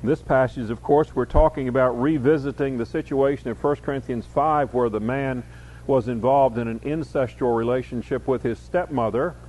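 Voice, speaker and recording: A man teaching a Bible study lecture, explaining words slowly and reading verses aloud with added emphasis, often pausing with fillers. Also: medium pitch, a little mellow.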